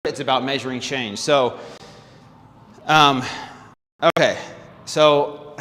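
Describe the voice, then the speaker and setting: A man around forty, a fitness vlogger, talking to viewers in a halting, earnest livestream chat full of fillers and restarts, holding back tears. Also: medium pitch, a bit bright, in a large hall. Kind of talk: casual livestream talk to viewers.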